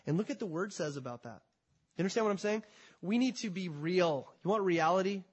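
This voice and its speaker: A man's voice: high-pitched, animated, brisk, breathy edge. A pastor preaching a conversational sermon, talking to his congregation with frequent restarts.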